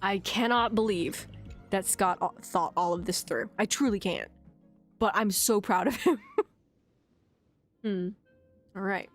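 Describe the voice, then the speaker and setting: Woman streaming a game, chatty and self-deprecating, mid pitch, quiet music behind. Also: unhurried, long pauses. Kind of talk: casual game commentary.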